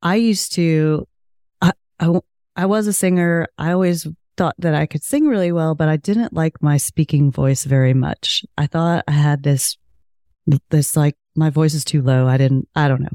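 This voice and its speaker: A woman with a low-toned voice, a podcast guest telling a story in casual conversation. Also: normal speed, dark tone, dry recording, clean studio sound.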